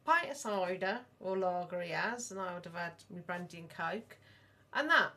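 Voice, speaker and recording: A middle-aged woman, co-hosting a casual podcast and telling long, animated stories. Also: lowish voice, moderate pace. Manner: rambling, animated storyteller. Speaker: podcast co-host, mother of the other host. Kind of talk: casual chat.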